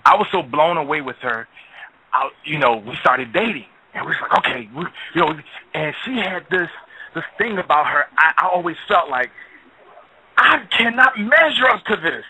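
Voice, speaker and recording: A man's voice: a little high, normal speed, bright, forceful tone, breathy edge, low-quality recording. A man hosting a call-in radio talk show, speaking earnestly and often stumbling and repeating words. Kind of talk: casual chat.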